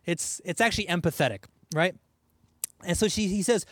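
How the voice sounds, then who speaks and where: A man preaching a sermon in a conversational, animated way, with asides and laughs. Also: high-pitched, moderate pace, no room sound. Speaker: pastor.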